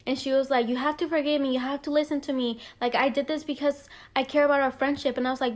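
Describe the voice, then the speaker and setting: A woman's voice: high voice, quick pace, hardly any pauses. A woman telling a personal story casually, acting out the dialogue with animation. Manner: animated, acts out quoted dialogue.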